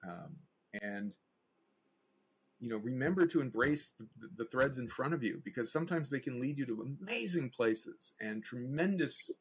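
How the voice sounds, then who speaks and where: A man's voice: medium pitch, normal speed, breathy edge. A man, a guest animator and director, telling stories in a casual interview and acting out the voices of the people he quotes. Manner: animated anecdote teller, acts out quoted voices.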